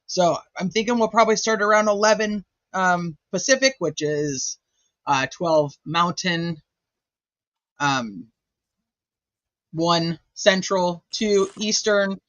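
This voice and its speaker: A man's voice: on the high side, unhurried, fairly bright tone, no room sound, highs cut off. A man hosting a casual livestream chat, rambling and chatty with lots of filler words. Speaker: host.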